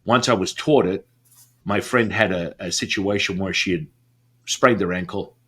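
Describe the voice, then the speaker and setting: A man being interviewed, telling a story in an animated way and acting out the voices of people he quotes. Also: deep voice, moderate pace, breathy edge. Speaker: podcast guest.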